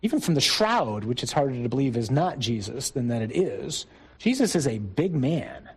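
A man's voice: mid-range voice, big pitch swings, normal speed, husky, poor audio. A middle-aged man, a priest, giving a conversational, emphatic talk to a group of men. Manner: conversational and emphatic, with rising bursts. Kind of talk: sermon talk to a men's group.

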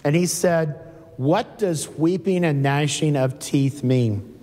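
Preacher in a reverberant hall. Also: male voice, a little high, slow, mellow. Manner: conversational, reads scripture aloud with asides. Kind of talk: sermon.

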